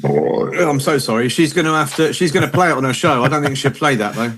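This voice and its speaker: Hesitant, apologetic podcast co-host. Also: male voice, a little high, fast talker, a bit bright, a little hiss or hum. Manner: hesitant, apologetic, many restarts. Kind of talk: casual chat.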